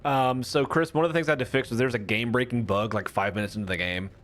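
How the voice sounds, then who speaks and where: Talking fast in a mid-range, fairly bright voice, a young man rambles through casual commentary while streaming a horror game. He chats with viewers and pokes fun at himself.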